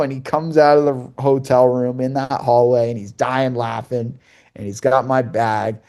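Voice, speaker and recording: A man's voice: mid-range voice, fairly even intonation, normal speed, warm tone. A young man co-hosting a podcast and telling a casual story, rambling with many fillers and restarts and acting out the dialogue. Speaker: podcast co-host and hockey broadcaster.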